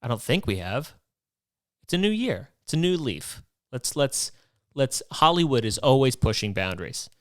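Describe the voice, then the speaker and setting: A man's voice: medium pitch, sing-song, moderate pace, no room sound, clean studio sound. A young man hosting a podcast, ranting comically with lots of swearing and rhetorical questions. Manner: profane, rambling, rhetorical questions. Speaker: podcast host. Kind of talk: comedic rant monologue.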